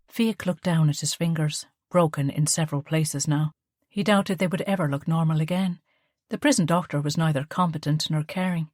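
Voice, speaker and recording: A woman narrating an audiobook in a steady, measured way. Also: low voice, no echo, studio quality.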